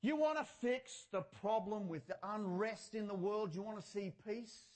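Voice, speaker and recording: A man preaching a sermon, passionate and theatrical, jumping from shouted points to quiet, sarcastic asides, on a mic clipped near his chin. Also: high voice, normal speed. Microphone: clip-on or headset mic near the chin.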